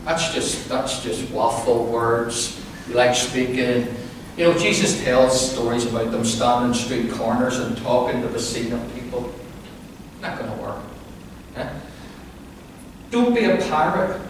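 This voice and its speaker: A male pastor preaching a lively sermon, playful and calling on the congregation to answer back. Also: medium pitch, a little slow, slight background noise. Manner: playful, with call-and-response to the congregation. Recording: very echoey hall, voice from far off.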